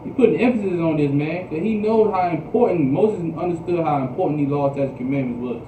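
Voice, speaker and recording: Far from the mic, a slightly high-voiced man talks fast while teaching a scripture class as a preacher. He repeats himself, checks in often with "you understand?" and gets answers back from the class, all on echoey, noisy livestream audio that sounds like a phone.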